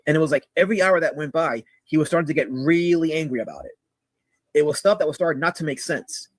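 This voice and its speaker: A man telling a rambling story as a guest on a call-in show, with a husky voice and lots of "you know" asides. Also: fairly high pitch, fast talker, no echo, rough recording.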